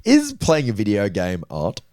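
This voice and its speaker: A man's voice: fairly low pitch, wildly swooping pitch, unhurried, mellow, dry recording, studio quality. A man hosting a casual podcast, playfully quizzing his co-hosts. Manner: playful, quizzing, laughs often. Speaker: podcast host asking the questions.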